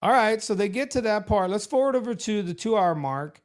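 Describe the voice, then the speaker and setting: A man hosting a show, giving sarcastic, animated commentary on a debate to his live chat. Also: sits high, fairly quick. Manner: sarcastic, animated, mocking impressions. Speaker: show host reviewing a debate.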